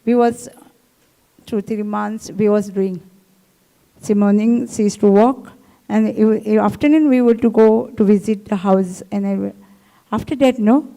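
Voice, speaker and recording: A woman's voice: medium pitch, fairly even intonation, unhurried, gravelly, warm tone, low-quality recording. A woman preacher at a retreat, telling a testimony sermon in broken English with frequent "no?" tags. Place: retreat hall.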